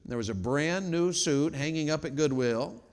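A middle-aged man preaching a revival sermon, telling folksy stories that move from quiet talk to loud shouting. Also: on the high side, moderate pace, clean tone. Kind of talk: sermon with storytelling. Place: large church auditorium. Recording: long hall reverb.

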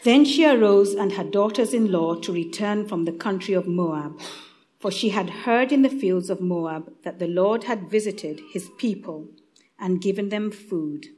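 A woman with an East African accent reads scripture and prays in a church. Her delivery is gentle and unhurried, with the occasional small restart. Her pitch sits in the middle of the range. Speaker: church reader leading prayer. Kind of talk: prayer and Bible reading.

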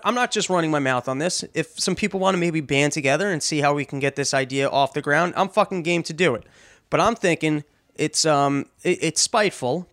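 A man hosting a podcast who rants in a comedic, profane way. He swears often and stammers through quick restarts. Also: a little high, fairly bright tone, no echo. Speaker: podcast host.

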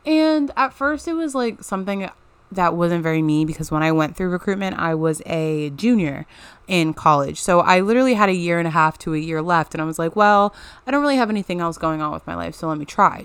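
A young woman in her twenties, a college student, telling a story casually with lots of fillers and animated retellings. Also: lowish voice, clean tone, no echo. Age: 20s.

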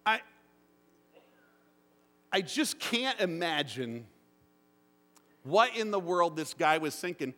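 A man's voice: a little high, slow pace, pauses often. A middle-aged man preaching as pastor in a church, telling stories with acted-out quotes. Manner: animated storytelling with voiced quotes. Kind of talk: sermon. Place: church sanctuary. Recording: long hall reverb.

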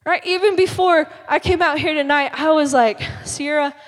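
High-voiced young woman preaching in a hall. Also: moderate pace. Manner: animated, chatty, emphatic. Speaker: youth speaker. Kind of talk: sermon. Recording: long reverb of a large hall.

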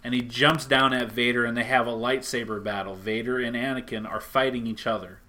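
A man with a bright, forceful voice retells a comic book story in a casual chat. He talks in an animated way and acts out the characters' lines as he goes. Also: mid-range voice, a little fast.

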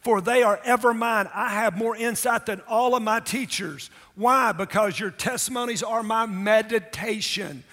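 A man's voice: high-pitched, moderate pace, hardly any pauses, pushed and bright. A middle-aged man preaching a sermon as pastor, emphatic and calling out to the congregation for responses. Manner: emphatic, calls for audience response. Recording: long hall reverb.

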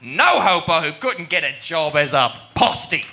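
A man playing a rowdy mock-Australian outlaw boss in a comedy sketch, shouting slang and laughing through his lines. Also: a little high, very animated, moderate pace, heavily acted.

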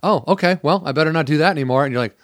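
A man's voice: fairly high pitch, racing, no echo. Rambling storytelling man, dry sound. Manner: rambling storyteller, acts out quotes. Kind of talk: casual comedic chat.

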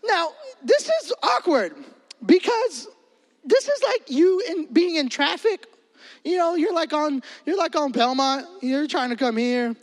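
A man preaching as a pastor, animated and joking in a conversational sermon. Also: very high-pitched, measured pace. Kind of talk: energetic comedic sermon. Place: church hall. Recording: echoey hall.

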